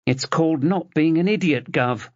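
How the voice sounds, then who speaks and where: A woman's voice: low voice, normal speed, darkish tone, no echo, muffled recording, voice pushed up, lightly acted. A man voicing a tough young female detective sergeant who talks bluntly and teases her boss. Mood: wry. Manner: blunt, teasing.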